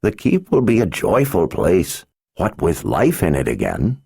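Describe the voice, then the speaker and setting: A man narrating an audiobook and voicing an earnest, serious little orphan girl in a high childlike voice. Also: huge pitch swings, a little slow, creaky, dark tone, husky, no echo, studio quality, full character voice. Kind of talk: audiobook character voice.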